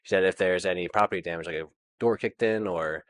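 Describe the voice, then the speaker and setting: A man's voice: sits low, fast talker. A man, a landlord guest, telling his story casually with lots of fillers and nervous laughs.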